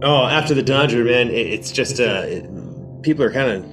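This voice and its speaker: A man playing a character in a tabletop role-playing game, relaxed, with stammering restarts. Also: mid-range voice, moderate pace, recorded from a distance, over music. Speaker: player.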